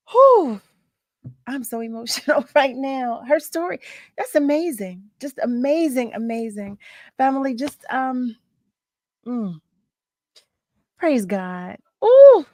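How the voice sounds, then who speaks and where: A woman's voice: fairly high pitch, dry recording, clean studio sound. A woman hosting a radio talk show, effusive and emotional, often laughing and repeating her thanks.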